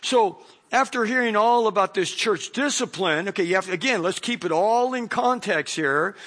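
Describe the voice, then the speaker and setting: A man's voice: high voice, moderate pace. A middle-aged man preaching a sermon as pastor, talking in a loose conversational way and acting out little stories. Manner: conversational, animated storytelling with acted voices.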